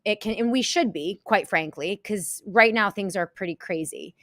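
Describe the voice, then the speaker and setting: A woman hosting a live show, talking to her viewers in a halting, emotional way and close to tears. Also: medium pitch, a bit bright, dry recording. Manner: halting and emotional, many pauses and restarts. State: tearful, close to crying. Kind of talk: casual live-stream talk to viewers.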